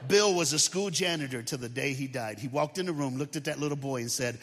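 A male guest speaker telling comic and moving stories to a church crowd, playful and animated, calling out to the audience. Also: medium pitch, fairly quick. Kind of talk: comedic motivational storytelling talk. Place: large church auditorium with balcony. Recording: long hall reverb.

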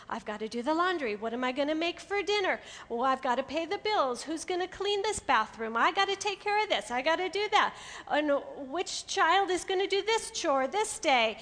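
A woman giving a sermon to a room of women, lively and playful, acting out everyday inner voices. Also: sits high, long reverb tail. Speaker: women's ministry speaker. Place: hall with an audience.

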